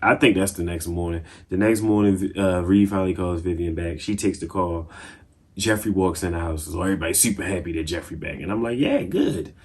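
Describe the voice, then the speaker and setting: A man recapping TV episodes in a casual, slangy, excitable way, with lots of fillers. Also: deep voice, a little fast. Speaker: TV show reviewer.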